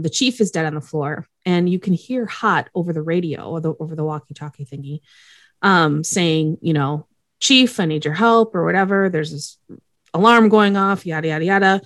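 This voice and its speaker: A woman co-hosting a podcast, casually recapping a TV episode, with relaxed fillers like "um" and "yada, yada.". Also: fairly low pitch, moderate pace, no room sound, studio quality. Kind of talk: casual chat.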